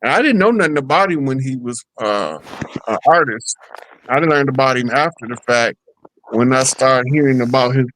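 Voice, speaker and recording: A man's voice: mid-range voice, animated, moderate pace, fairly bright tone, low-quality recording. A man appearing as a guest on a talk show, speaking in a loose, rambling, conversational way. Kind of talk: casual talk show chat.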